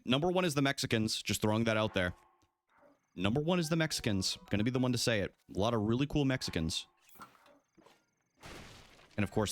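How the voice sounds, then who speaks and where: A young adult man streaming a video game live, chatting casually with his viewers, joking and swearing as he plays. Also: lowish voice. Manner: animated, jokey, swears, talks to chat.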